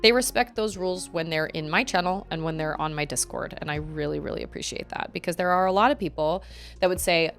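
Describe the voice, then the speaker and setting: A woman livestreams while gaming, chatting casually with her viewers in a loose, animated way and using lots of "like" fillers. Her voice is mid-range with vocal fry.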